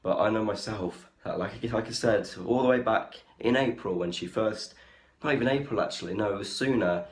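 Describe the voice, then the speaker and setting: A man talking casually to camera in a rambling, halting, defensive way. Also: lowish voice, reverberant. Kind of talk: casual talking-head video.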